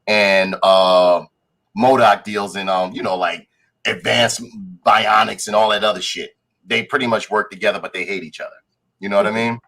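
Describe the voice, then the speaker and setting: A man's voice: fairly low pitch, steady tone, normal speed, fairly bright tone, poor audio. A man co-hosting a casual pop-culture podcast, retelling a show scene by scene and acting out the characters' lines, swearing freely. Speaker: podcast co-host. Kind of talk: casual chat reviewing a show.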